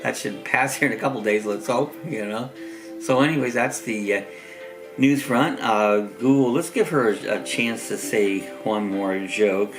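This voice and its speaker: A man's voice: lowish voice, a little slow, a bit bright, soft background music, poor audio. A middle-aged man from Ohio with a Southern Ohio accent, hosting a rambling, easygoing casual chat while congested from a chest cold. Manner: rambling, easygoing, chuckles often. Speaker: host.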